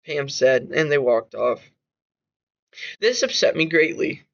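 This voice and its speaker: A man's voice: mid-range voice, normal speed, gravelly, muffled recording. A man narrating his own horror story in an amateur reading, with slips and restarts.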